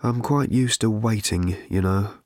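A man voicing an ancient, depressed male robot that talks in a slow, croaking, hollow rattle full of self-pity. The reading is an audiobook. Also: lowish voice, a little mellow, dry recording, clean studio sound, natural voice. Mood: gloomy. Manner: slow, mournful, self-pitying drawl.

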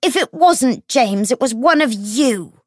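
A woman's voice: low-pitched, expressive, slow pace, breathy edge, no room sound, clean studio sound, heavily acted. A woman voicing a grieving, hysterical older widow who wails and shrieks accusations. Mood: frantic accusing. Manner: wailing, shrieking, desperate.

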